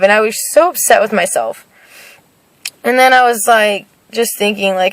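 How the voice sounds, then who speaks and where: Young woman, nervous casual testimony, halting with fillers, dry close sound. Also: medium pitch, a bit bright, no echo, rough recording. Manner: hesitant, many fillers, nervous. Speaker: vlogger sharing her faith story. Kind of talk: casual personal testimony to camera.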